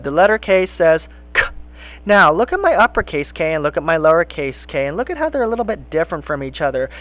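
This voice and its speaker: A man teaching a kindergarten phonics lesson, speaking slowly and encouragingly in sing-song teacher talk. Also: a little high, no echo. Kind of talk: recorded classroom phonics lesson. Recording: tinny phone-like lo-fi sound.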